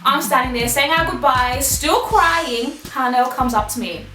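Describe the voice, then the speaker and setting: Young woman chatting on her vlog, bouncy high voice, echoey room w music, mic kinda far. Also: unhurried. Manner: lively, chimes in and echoes her sister. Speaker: vlogger. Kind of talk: casual storytelling with her twin. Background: music under the talk.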